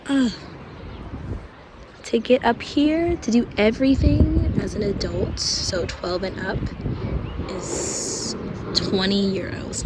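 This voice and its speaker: A woman travel vlogger chatting playfully to her viewers while touring a palace site outdoors on a handheld camera. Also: mid-range voice. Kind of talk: casual travel vlog chat. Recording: outdoor ambience and passing vehicle noise.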